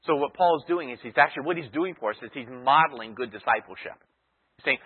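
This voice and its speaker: A man's voice: medium pitch, expressive, fast talker, husky. A man teaching a sermon as a Bible teacher, asking his listeners rhetorical questions and repeating his key phrases. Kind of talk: expository sermon. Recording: thin phone-like sound with long hall reverb.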